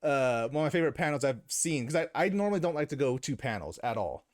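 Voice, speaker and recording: A man co-hosting a podcast in casual chat, halting and stumbling with many uhs. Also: on the high side, very animated. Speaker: podcast co-host.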